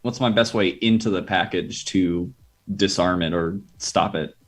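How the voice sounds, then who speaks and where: Male player, lower voice, halting, methodical. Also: faint music behind. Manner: hesitant, halting with uhs. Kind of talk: casual tabletop play.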